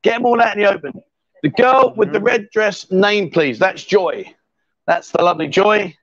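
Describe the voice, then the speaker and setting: A man's voice: high voice, moderate pace, a bit bright, highs cut off, slight background noise. A man hosting a live stream from a bar, joking and teasing as he reads viewer comments aloud between pool shots. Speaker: livestream host. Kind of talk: live stream chat while playing pool. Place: lively bar.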